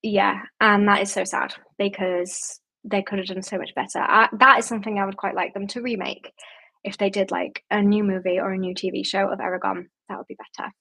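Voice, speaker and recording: A young woman with a Yorkshire accent talks through a casual livestream from home. She reads out viewer comments and answers them at length in a loose, chatty ramble full of "like" and "um". Her voice sits at an ordinary middle pitch for a woman. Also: flat delivery, brisk, gravelly, bright, forceful tone. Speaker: booktube host.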